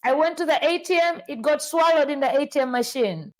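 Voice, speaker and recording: A woman from Tanzania hosting a casual podcast chat, animated and laughing often, restarting her sentences with repeated words. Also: high-pitched, fairly quick, low-quality recording. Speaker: podcast host.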